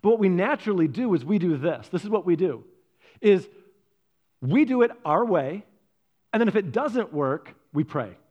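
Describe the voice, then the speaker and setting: Animated high-voiced male pastor. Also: moderate pace, lo-fi sound. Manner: animated storyteller, acts out his own reactions. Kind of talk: sermon with personal stories.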